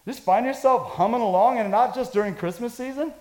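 A male pastor delivers a sermon in a notably high voice. He moves between scripture reading and energetic, chatty asides to his congregation. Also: a little fast, slight background noise, rough recording. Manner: energetic, conversational preaching with dramatic readings.

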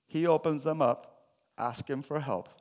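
A man preaching a sermon to his church, animated and jokey, with sudden loud bursts. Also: on the high side, a little slow. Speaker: pastor.

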